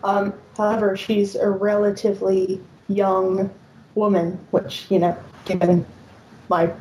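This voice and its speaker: A woman's voice: mid-range voice, little pitch movement, measured pace, darkish tone. A woman calling in over a computer call, speaking casually and hesitantly with many ums. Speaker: caller. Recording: echoey call audio with faint noise.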